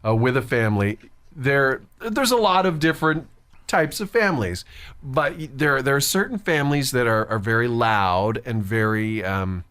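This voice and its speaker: A man's voice: medium pitch, lively intonation, a bit bright, smooth. A man, co-hosting a voice-over podcast in a chatty, storytelling way. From Canada. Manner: chatty storyteller, quick bursts, laughs easily. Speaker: podcast co-host, voice actor. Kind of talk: casual chat.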